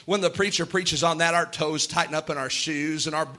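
A man's voice: a little high, steady tone, fairly quick, sharp tone. A man preaching a sermon with impassioned delivery, acting out the lines of Bible characters.

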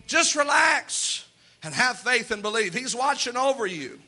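A man's voice: very high voice, very animated, measured pace, bright, forceful tone. A middle-aged man preaching a folksy sermon in a church, telling stories with frequent restarts. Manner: folksy storytelling with repeated restarts.

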